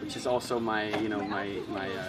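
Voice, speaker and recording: A man's voice: fairly low pitch, fairly even intonation, a little fast, recorded from a distance, heavy background noise. A man, a voice actor, chatting casually, rambling and correcting himself as he talks. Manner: rambling, self-correcting, laughs often. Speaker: voice actor and channel host. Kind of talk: casual chat. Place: outdoors in a busy city spot.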